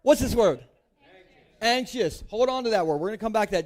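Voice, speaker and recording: Fast and high-pitched, a man in his thirties from Delaware preaches from a church stage to his congregation. This pastor keeps it casual and joking, chatty with lots of "like" and playful asides.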